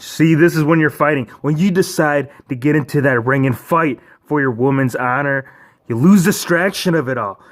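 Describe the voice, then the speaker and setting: A man with a slightly high voice gives a casual spoken recap for his channel. He talks in an excitable way, breaking into asides and playful mock outrage. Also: moderate pace. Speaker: toy figure reviewer.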